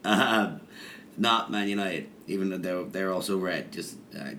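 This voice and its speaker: Laughing and cursing, a man on a casual podcast ribs his co-host and reads a listener review aloud. His low voice is unhurried yet pushed and bright, with a little hiss or hum in the audio.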